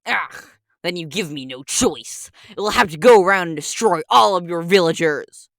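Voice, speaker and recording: A woman's voice: fairly low pitch, lively intonation, normal speed, no room sound. A woman voicing a vengeful male nature spirit who makes solemn, menacing threats in a game video. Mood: cold.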